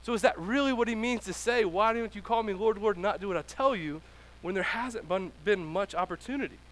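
A man in his thirties preaching a conversational sermon as pastor, casual and animated, acting out little dialogues. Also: sits high, fairly quick.

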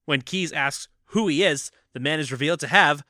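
A man's voice: a little high, normal speed, sharp tone, dry recording, clean studio sound. A man co-hosting a casual movie podcast, recapping the plot with jokes and frequent laughter. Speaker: podcast co-host.

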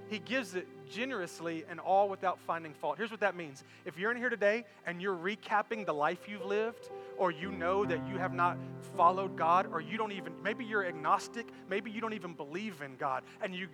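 A man in his thirties, a pastor preaching a sermon, telling a lively story to his church. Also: high-pitched, normal speed, in a large hall, music in the background. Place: church auditorium.

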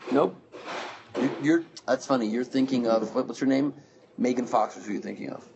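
A man with a gravelly voice, telling comic stories in a casual, mock-indignant way. His chat sounds dull and lo-fi. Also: medium pitch, fairly quick, background noise.

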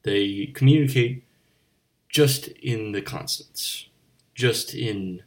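A man hosting a comedy bit as a bartender, rambling in a deadpan way with slips and restarts. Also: mid-range voice, slow. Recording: voice a bit distant from the mic.

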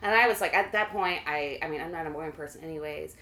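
A woman bartender telling a lively story in casual chat, acting out the voices of the people in it. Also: low-pitched, fast talker. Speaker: bartender and podcast co-host. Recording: echoey room.

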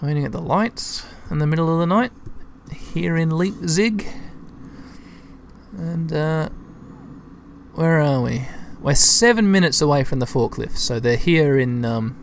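A man's voice: on the high side, unhurried, creaky, a little hiss or hum. A man giving casual gameplay commentary as a let's-play host, chatty and thinking aloud as he talks to his listeners.

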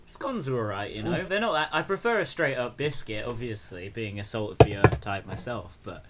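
A man's voice: medium pitch, animated, a little fast, very noisy. A young man co-hosting a podcast, chatting casually with a sardonic, laughing manner. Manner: sardonic, swearing, laughs often. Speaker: podcast co-host. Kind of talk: casual chat.

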